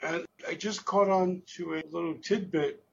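A man co-hosting a casual film review podcast, halting as he searches for words, with casual swearing. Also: a little high, steady tone, creaky, dull audio, slight background noise. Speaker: podcast co-host.

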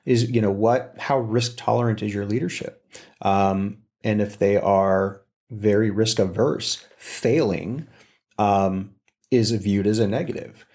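Animated storytelling man. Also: lowish voice, a little slow. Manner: animated storyteller, acts out quotes. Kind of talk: casual conversation.

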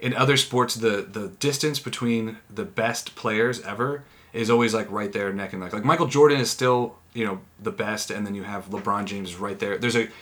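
Podcast cohost dude, sharp bright voice, swears and riffs. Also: male voice, on the low side, moderate pace, hardly any pauses. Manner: profane, riffing, jokey asides. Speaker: podcast co-host. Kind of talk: casual chat.

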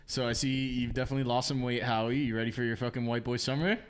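A man's voice: medium pitch, little pitch movement, very fast, slight background noise. A man hosting a podcast in loose, profane casual chat, laughing often. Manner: loose, swearing, laughs a lot. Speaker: podcast host.

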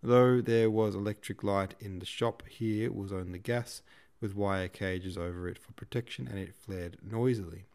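A man hosting a podcast, reading a classic novel aloud in a steady, measured way. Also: fairly low pitch. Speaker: podcast host and reader.

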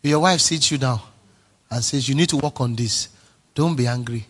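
A male pastor preaching a sermon, emphatic and repetitive, swinging from soft to near-shouting. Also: mid-range voice, moderate pace.

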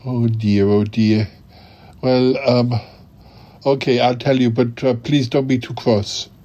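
A man's voice: medium pitch, flat delivery, slow pace, mellow, dull audio. A man voicing a timid, fretful male sidekick who talks hesitantly and apologetically. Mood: nervous. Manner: hesitant, full of "oh dear" and "um".

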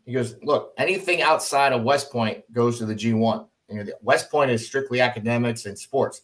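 A middle-aged man recounts his army days in an easygoing, conversational way. His voice sits in a middle register but springs upward whenever he mimics someone else's words, giving the tale a lively, theatrical bounce. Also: normal speed. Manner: animated, acts out quoted dialogue with jumps in pitch. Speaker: former army officer telling his story. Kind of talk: casual storytelling in a conversation.

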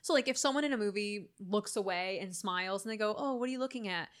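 A young woman in casual chat about a film, animated and full of "like", sometimes swearing. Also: mid-range voice, fast talker. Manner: animated, swearing, heavy use of "like", jumps into excited shrieks. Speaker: podcast co-host discussing a film.

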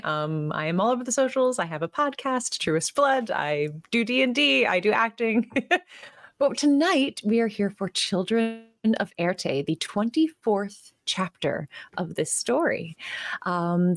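A woman's voice: mid-range voice, dry recording. Chatty woman narrating as game master. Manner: relaxed, chatty, laughs often. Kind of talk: storytelling narration for a tabletop game.

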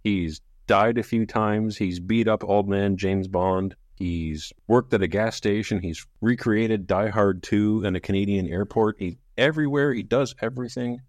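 A man co-hosting a casual book podcast, wry and quick to laugh as he retells scenes. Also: on the low side, darkish tone, no echo, studio quality. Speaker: podcast co-host. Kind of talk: casual book-club chat.

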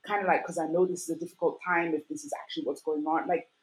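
A young woman with a low-pitched voice recounts her own story in a relaxed interview. She talks in an animated way, slipping into the voices of the people she quotes and leaning on casual fillers as she goes. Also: quick pace, low-quality recording. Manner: animated, acts out quoted voices, many fillers like "like" and "you know". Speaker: guest. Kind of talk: personal storytelling in conversation.

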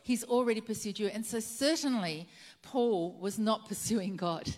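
A woman's voice: medium pitch, moderate pace, darkish tone. Earnest woman preaching a sermon. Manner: earnest storytelling, repeats key phrases for emphasis.

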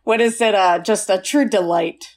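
A woman's voice: mid-range voice, moderate pace, a little mellow. A woman co-hosting a casual podcast, rambling with many fillers. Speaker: podcast co-host. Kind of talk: casual chat.

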